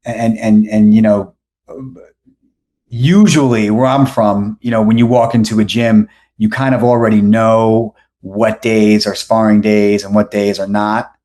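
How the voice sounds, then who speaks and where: A man's voice: lowish voice, little pitch movement, unhurried, mellow. A man, telling a story on a podcast as the guest, rambling with many restarts and fillers. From New York. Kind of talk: casual storytelling.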